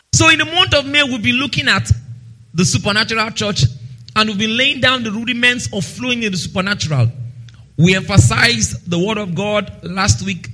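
A man pastor preaches in a very high, bright voice that carries a husky edge. He drives his points with emphatic repetition and call-and-response. When he reads scripture he slows down and gets loud. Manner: reads scripture slowly and loudly. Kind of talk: sermon.

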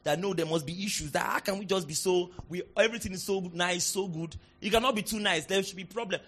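A high-pitched Nigerian man preaching to a congregation. He swings from quiet asides to loud, fervent declarations. His delivery is lively and animated. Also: fast talker. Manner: animated, shifts from soft asides to shouted declarations. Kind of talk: sermon.

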